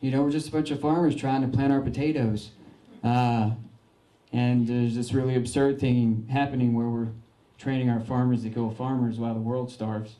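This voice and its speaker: A young man gives a folksy, earnest slideshow talk, stumbling through fillers and restarts. His voice is mellow and dark. The room around him is echoey. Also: medium pitch, level tone, moderate pace. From Arkansas, United States. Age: young adult. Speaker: veteran giving a slideshow talk. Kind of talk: informal public talk.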